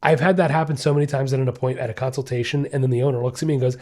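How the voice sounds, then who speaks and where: Talking very fast in a steady, dark, mid-range voice, this dog-training podcast host makes his case emphatically and casually, returning again and again to his main points. He checks in with "you see what I'm saying?" and voices the dog's thoughts in quoted asides.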